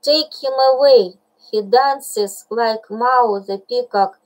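A woman's voice: a little high, slow, low-quality recording. A woman voicing a nest of anxious cobras in a storybook reading, in a raised, alarmed voice.

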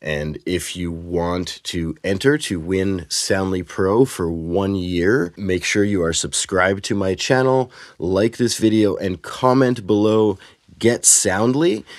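A man hosting his channel who reviews sound-design software in a casual, excited way, using a shotgun mic. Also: low-pitched, a little slow, dry recording, clean studio sound. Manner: excited, enthusiastic. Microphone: shotgun microphone.

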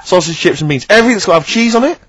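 A man's voice: sits high, animated, racing, very noisy. A man co-hosting a radio show, telling stories about his co-host in an exasperated, teasing way during casual banter.

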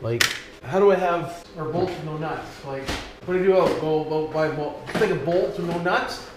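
A man's voice: a little high, sing-song, normal speed, noisy background. Cursing Canadian man in an echoey workshop. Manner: chatty, cursing, calls viewers 'boys'. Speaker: vlogger. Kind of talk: casual workshop vlog, talking to viewers.

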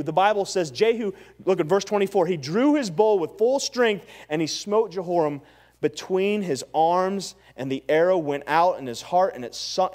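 A man pastor preaching a sermon, retelling scripture in animated, slangy storytelling with stammering restarts. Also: high-pitched.

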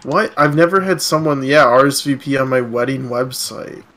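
A man's voice: mid-range voice, moderate pace, a bit bright. A man chatting hesitantly with friends during an online game, often stumbling over his words. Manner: questioning, hesitant. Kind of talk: casual gaming chat.

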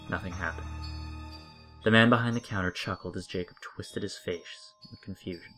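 Male narrator, very low voice, steady scripted story reading. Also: a little fast, soft background music.

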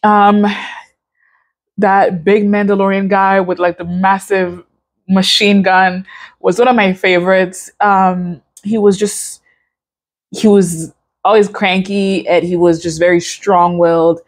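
A young woman hosting a reaction video, chatting casually and emotionally to her viewers with many fillers and pauses. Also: mid-range voice, little pitch movement.

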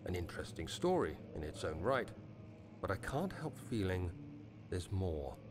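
An actor playing a troubled young male explorer narrating his journal in a quiet, soft-spoken voice, in a game. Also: low voice, big pitch swings, normal speed, noisy background. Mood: solemn.

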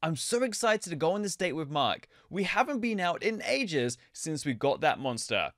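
A man's voice: a little high, big pitch swings, normal speed, a bit bright, no room sound, clean studio sound. A man voicing a chatty female zombie. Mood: excited.

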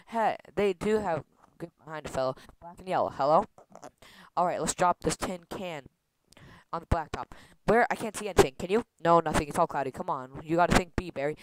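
A man rushing through a comic read-through of a film script, stumbling over words and restarting lines. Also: fairly high pitch. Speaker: script reader. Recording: loud background noise with clicks.

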